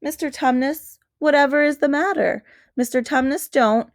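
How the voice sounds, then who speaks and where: A kind, polite young girl speaks with eager, anxious sympathy, as a woman reads her aloud. Her voice is raised high and lively, recorded close and dry. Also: normal speed, no echo. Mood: worried. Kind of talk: storybook reading.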